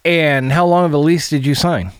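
A man co-hosting a podcast in casual chat, blunt and quick to swear. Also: a little high, steady tone, clear, resonant tone, dry recording. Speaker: podcast co-host.

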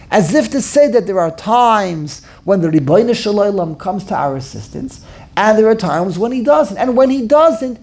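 A man teaching a Talmud class, animated and exclamatory, full of rhetorical questions. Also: extremely high pitch.

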